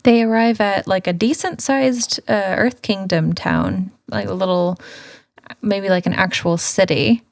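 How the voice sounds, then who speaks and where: A woman co-hosts a podcast with a mid-range voice, retelling a cartoon episode in relaxed chat. She slips into playful voices for the characters' lines. The sound is dry and close. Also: medium pitch, a little slow, gravelly, no echo. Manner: animated storyteller, acts out characters' lines. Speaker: podcast co-host. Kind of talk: casual episode recap chat.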